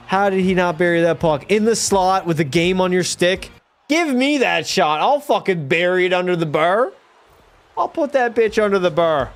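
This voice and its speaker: A young man commentates a live hockey stream in a high-sitting voice, talking to his chat at a brisk pace. He's a bit tipsy, profane and excitable, and faint music can be heard behind him.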